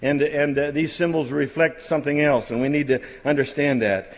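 A middle-aged man preaching at a church camp, folksy and halting with many restarts, building to fervent exhortation. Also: a little high, steady tone. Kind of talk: sermon. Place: church camp meeting hall. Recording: long hall reverb.

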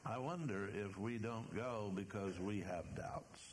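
An older man preaching a sermon in church, reading scripture slowly and emphatically, with some restarts and fillers. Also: fairly low pitch, a little hiss or hum.

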